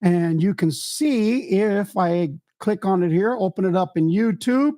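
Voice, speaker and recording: A man's voice: high-pitched, unhurried, mellow, no echo. A man hosting a casual, unscripted live stream from his home studio, rambling and poking fun at himself. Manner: rambling, self-deprecating, chatty. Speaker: host of a music podcast and live stream. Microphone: headphones on, desk mic.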